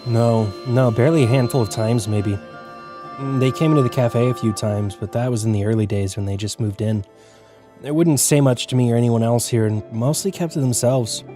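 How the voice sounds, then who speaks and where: A man voicing a calm, soft-spoken male coffee shop owner in a game. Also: medium pitch, moderate pace, faint music behind, natural voice.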